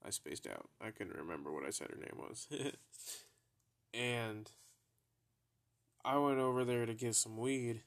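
A young man spins a casual story for his podcast, with a laid-back, profane delivery. He speaks slowly at an ordinary mid-range pitch and keeps laughing at his own story. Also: fairly bright tone. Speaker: podcast host.

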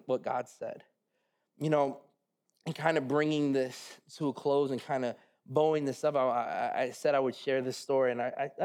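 High-pitched guy in his 30s preaching, chatty and jokey, lots of restarts. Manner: casual, joking, with many restarts and asides. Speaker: pastor. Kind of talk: sermon.

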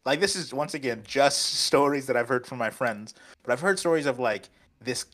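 Male co-host, loose rambling delivery, frequent laughs, average pitch. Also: moderate pace, fairly bright tone. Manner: rambling, hedging, laughs often. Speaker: podcast co-host. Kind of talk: casual podcast chat.

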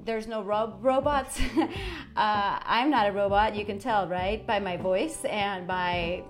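A woman hosting a motivational podcast monologue, talking in a chatty way, often checking in with the listener and shifting her tone and inflection as she gets excited. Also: medium pitch, takes it slowly, soft background music. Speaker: podcast host.

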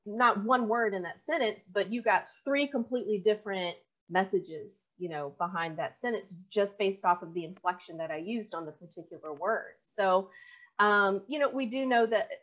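A woman who coaches communication, talking through ideas in a casual conversation, animated and quick to laugh. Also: mid-range voice. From United States. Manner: animated, explanatory, laughs easily.

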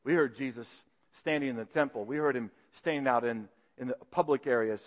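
Sly conspiring witnesses, as a preacher voices them, low and hushed as they lay out their charge. A long echo hangs around the voice, as in a big hall. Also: male voice, brisk, highs cut off, lightly acted.

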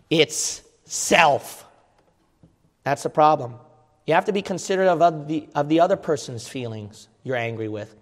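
A man preaching a sermon in an emphatic, repetitive way, with sudden loud outbursts. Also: a little high. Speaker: pastor. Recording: long hall reverb.

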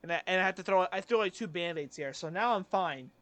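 A man's voice: sits high, animated, fast talker, fairly bright tone, no echo. A young man co-hosting a podcast, telling a rambling story with casual swearing. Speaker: podcast co-host. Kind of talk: casual chat.

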